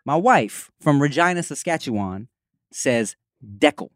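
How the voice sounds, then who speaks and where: A man's voice: mid-range voice, lively intonation, quick pace, no room sound, studio quality. Laid-back man with a Los Angeles accent. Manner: laid-back, slangy, laughs often. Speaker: podcast co-host. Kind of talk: casual chat.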